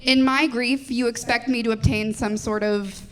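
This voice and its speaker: Holding a handheld mic on a club stage, a stand-up comedian in her twenties delivers a live set in a high, bright, steady voice. Her quick, self-deprecating material comes with frequent giggles and plenty of crowd work.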